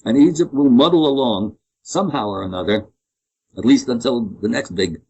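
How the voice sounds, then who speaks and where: Interview guest: man, husky tone, opinionated, rambling. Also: mid-range voice, normal speed, a little mellow, highs cut off. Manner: opinionated, rambling with frequent restarts. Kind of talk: conversational interview.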